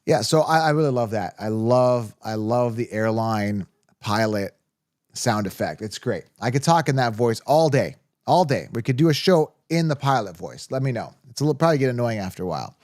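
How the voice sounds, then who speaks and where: A man hosting a live fantasy football stream, excitably reading viewer comments and repeating himself for emphasis. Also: mid-range voice, moderate pace, no echo, clean studio sound. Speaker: fantasy football show host.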